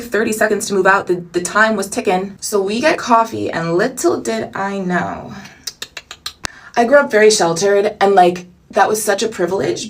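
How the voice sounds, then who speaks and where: A young woman telling a personal story in a chatty storytime vlog, animated and full of asides. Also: mid-range voice, distant mic.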